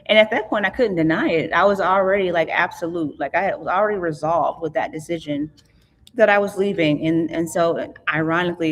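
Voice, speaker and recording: A middle-aged woman, an author appearing as an interview guest, tells her life story earnestly and reflectively, often halting and restarting. Her voice is on the low side, and the recording carries a long hall reverb.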